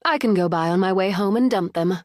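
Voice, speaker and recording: A woman's voice: medium pitch, brisk, dry recording, close to an everyday voice. A woman voicing a loving, protective middle-aged mother who is fiercely indignant on her daughter's behalf, read in an audiobook with a dry, close sound. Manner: warm, soothing, indignant.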